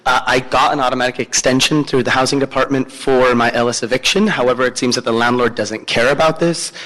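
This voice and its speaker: A man interpreting public comments at a hearing, hesitant and full of filler pauses. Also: mid-range voice, fairly even intonation, fairly bright tone. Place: city council chamber. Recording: long echo in a council chamber.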